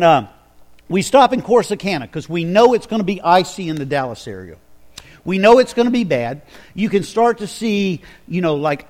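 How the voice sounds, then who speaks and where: Male preacher, a touch high-pitched, storytelling sermon that dips to a hush and rises to emphatic calls. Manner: dramatic storytelling, drops to a hush for quotes, builds to emphatic preaching. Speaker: pastor.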